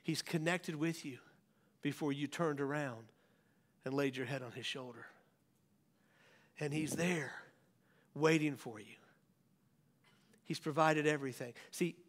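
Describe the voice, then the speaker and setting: A male pastor preaching a sermon, swinging from raised declarations to hushed near-whispers. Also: a little high, a little slow, pauses often. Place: church sanctuary. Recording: church hall reverb.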